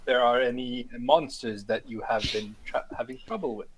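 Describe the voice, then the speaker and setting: A man's voice: mid-range voice, normal speed, rough recording. A man playing a tabletop game, talking in a hesitant, stumbling way. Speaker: player. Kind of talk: casual tabletop play.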